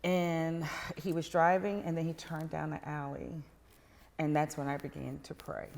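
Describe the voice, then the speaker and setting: A middle-aged woman telling a personal story as a podcast guest, animated and dropping to whispers at tense moments. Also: deep voice, moderate pace, vocal fry, in a large hall.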